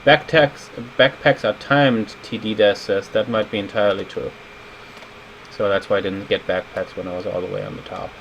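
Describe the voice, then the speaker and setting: A man's voice: low voice, monotone, a little fast, creaky, poor audio. A man in his thirties streaming as a level designer, chatting casually and rambling while he reads viewer comments aloud. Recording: faint air-conditioning hum.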